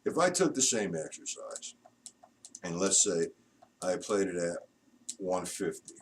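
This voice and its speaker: A man's voice: deep voice, sing-song, measured pace, far from the mic, a little hiss or hum, rough recording. A man teaching a drum lesson, counting beats aloud and explaining rudiments in a plain, instructive way.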